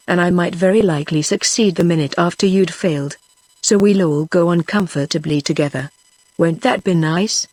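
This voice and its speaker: A synthetic woman's voice with a British English accent, reading a children's novel aloud as an audiobook narrator in an even, computer-generated way. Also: fairly low pitch, no echo. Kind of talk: text-to-speech book reading.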